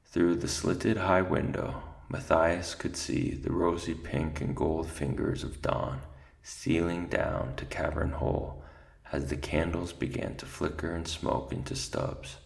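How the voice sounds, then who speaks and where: A man narrating a novel aloud with a measured storytelling cadence. His voice is extremely low and heavily gravelly. The reading moves steadily through the prose. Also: flat delivery. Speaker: reader. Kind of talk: audiobook narration.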